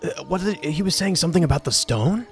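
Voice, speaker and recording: A man's voice: fairly high pitch, animated, quick pace, soft background music. A man narrating as game master, hesitant and filling with "like" and "um". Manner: hesitant, full of "like" and "um".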